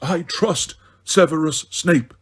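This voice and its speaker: A man voicing a wise, weary old male headmaster wizard in an audiobook, speaking in a measured, gentle, grave way. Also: on the high side, breathy edge, voice pushed up. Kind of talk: audiobook character reading.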